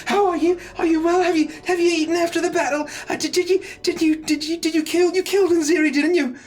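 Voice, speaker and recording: A man's voice: extremely high pitch, steady tone, quick pace, voice pushed up. A man voicing a doting middle-aged mother who fusses and repeats herself in worry. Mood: worried.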